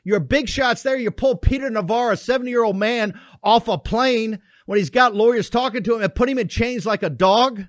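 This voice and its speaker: Fiery high-voiced male political host. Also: moderate pace, few pauses, dry recording. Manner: fiery, ranting, mocking. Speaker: show host. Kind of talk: combative political commentary.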